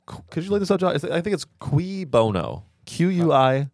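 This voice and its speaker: A man's voice: fairly high pitch, very animated, fairly quick, a little mellow, no room sound, clean studio sound. A man co-hosting a casual comedy podcast who laughs easily and restarts his sentences mid-thought. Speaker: podcast co-host.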